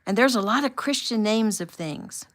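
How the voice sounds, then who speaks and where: A woman voicing an excited, talkative young woman from California in an audiobook, eager and chatty. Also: fairly high pitch, normal speed, pitched above the performer's own voice.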